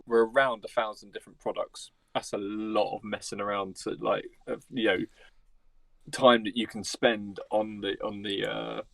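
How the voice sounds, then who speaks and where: A man with a rough, gravelly voice chats on a live stream and drops dry, teasing remarks. The sound is close and dry, with no room echo. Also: on the low side. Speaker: co-host. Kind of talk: casual live stream chat.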